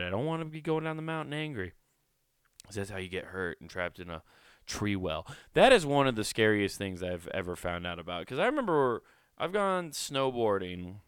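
Podcast guy rambling and cursing, low smooth voice right up on the mic. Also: fairly bright tone, dry recording, studio quality. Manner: rambling and joking, swears freely. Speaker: podcast host. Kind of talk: casual solo podcast chat. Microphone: close studio microphone.

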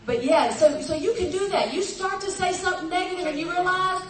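A woman's voice: very high-pitched, brisk, few pauses, distant mic, a crowd in the background. A woman pastor preaching a sermon in a folksy, storytelling way, often laughing, with the congregation answering her. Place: church hall. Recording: echoey church hall from afar. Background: congregation responses.

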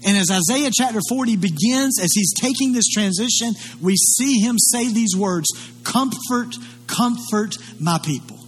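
A man's voice: high voice, moderate pace, few pauses, husky. A male pastor preaching a sermon in an earnest, conversational way. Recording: long hall reverb, faint hum.

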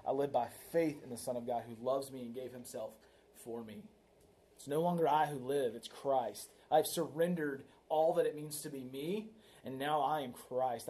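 Medium-pitched with a dark tone, a pastor preaches his sermon much like a conversation. He leans on a story to make his points. He frequently finishes them with "right?"

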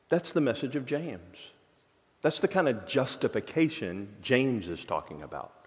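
A man preaching a sermon as pastor, emphatic, swinging between soft, drawn-out stresses and loud, quick asides. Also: medium pitch, animated. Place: church sanctuary. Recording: long church hall reverb.

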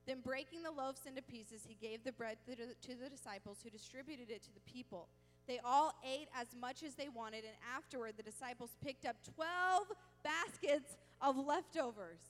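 A woman preaching a sermon, emphatic and animated, drawing out words for stress. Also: sits high. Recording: long hall reverb with faint music.

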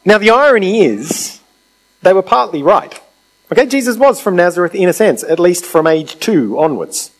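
A man's voice: high-pitched, very animated, normal speed, poor audio. A man preaching a sermon in a conversational way, asking rhetorical questions and acting out quotes.

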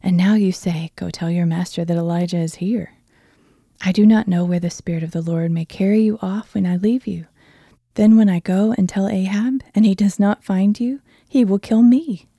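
A woman voicing a frightened male royal servant as she reads a Bible passage in an earnest, steady voice. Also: mid-range voice, normal speed, slightly rough, no room sound, clean studio sound. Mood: fearful. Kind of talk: Bible reading.

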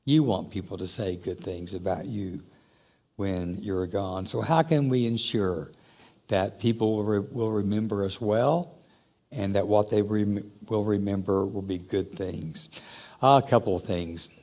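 Low-voiced pastor preaching. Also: male voice, a little slow, mellow. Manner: conversational, reflective, rising to emphatic exhortation. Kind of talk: sermon.

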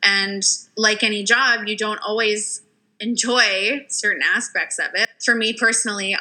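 A young adult woman hosting a casual podcast chat, animated and emphatic, laughing often. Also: medium pitch, low-quality recording. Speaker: podcast host, sex worker.

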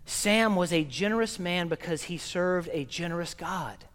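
A priest from Oklahoma giving an earnest, gently paced funeral sermon in a large church. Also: male voice, sits high, moderate pace. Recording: long reverb of a church hall.

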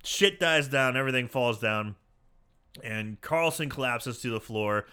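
A man's voice: medium pitch, a little slow, smooth. A man in casual chat, retelling a film scene by scene, cursing freely and acting out the lines. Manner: animated, swears, acts out movie lines in put-on voices. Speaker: podcast co-host recapping a movie.

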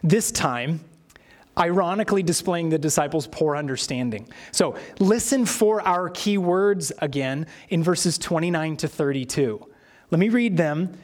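A male pastor preaching a sermon, reading scripture aloud and acting out the quoted voices with lively expression. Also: a little high, measured pace.

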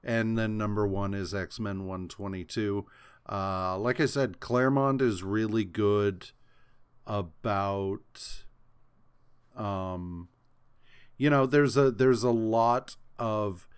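A man's voice: on the low side, slow, clean tone. A man co-hosting a podcast, chatting casually about comics in a laid-back, rambling way. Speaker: podcast co-host.

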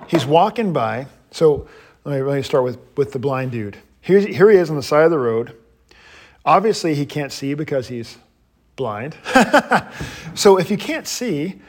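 A man, a pastor, teaching an adult class in a lively way, standing and moving about, often restarting his sentences. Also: a little high, husky. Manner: animated, paces while teaching, frequent restarts.

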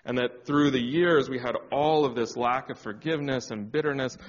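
A man's voice: mid-range voice, normal speed. Man sharing a candid testimony in a reverberant hall. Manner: candid, reflective, with many fillers. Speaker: church speaker. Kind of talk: personal testimony in a sermon. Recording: dull sound with long hall reverb.

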